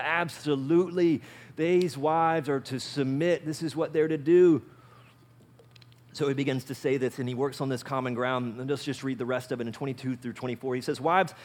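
A male pastor preaching a sermon in an animated way, often asking his listeners questions. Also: mid-range voice. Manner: animated, asks the audience questions.

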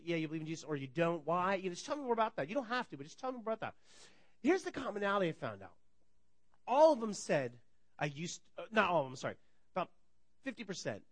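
A man in his thirties delivers a lively sermon in a high, bright voice that leaps around in pitch. He tells stories with energy, acting out the people he met and breaking into laughter. The sound is close and dry. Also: dry recording. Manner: energetic storytelling, acts out dialogue, laughs often. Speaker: pastor.

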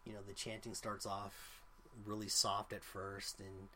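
A man's voice: on the low side, little pitch movement, unhurried, background noise. A man narrating as game master in a tabletop game, casual and rambling with lots of fillers.

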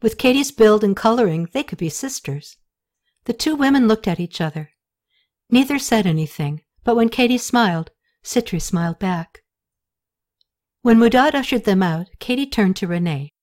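A woman narrating a historical novel as an audiobook in calm, even storytelling. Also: medium pitch, moderate pace.

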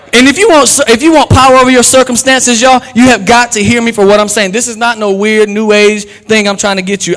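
A man's voice: sits high, a bit bright, big-room sound. A man preaching a sermon as pastor, acting out quotes and calling on the crowd to respond.

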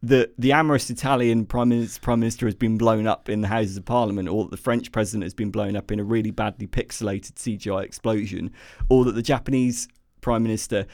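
A podcast co-host with a lowish, darkish voice and fairly even intonation talks fast, recorded dry with studio quality. In a casual film review chat, he sarcastically tears into a movie, with lots of ums and restarts.

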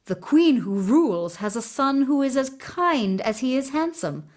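Brief: woman reading as a calm, grave talking mare from a storybook, wise and protective. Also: high voice, measured pace, voice pushed up. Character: wise magical white mare, female, protective.

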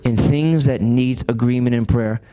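A man's voice: mid-range voice, steady tone, moderate pace, mellow, faint music behind. A man, preaching a sermon as pastor and throwing rhetorical questions at his congregation. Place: church sanctuary.

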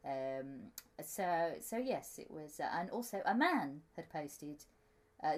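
A woman's voice: low-pitched, lively intonation, takes it slowly. A woman co-hosting a casual comedic chat, giggly and rambling with lots of ums. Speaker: podcast co-host.

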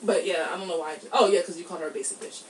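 A woman co-hosting a podcast in casual chat, giggly and animated, swearing freely. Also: lowish voice, very fast, recorded from a distance. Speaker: podcast co-host. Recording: roomy, from off the mic, faint ambience.

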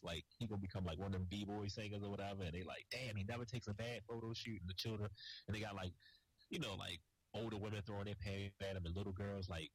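A man co-hosting a wrestling podcast in casual chat, loud and profane, laughing often. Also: on the low side, slightly rough, dry recording, rough recording. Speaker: podcast co-host.

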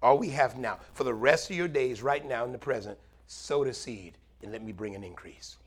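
A middle-aged man preaching a sermon as pastor, animated, swinging between loud highs and quiet low murmurs. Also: normal speed, breathy edge.

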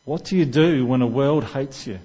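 A man preaching relaxed conversational sermon, middle-pitched voice, slightly dull lo-fi recording. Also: moderate pace, breathy edge. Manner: conversational, asks the congregation questions.

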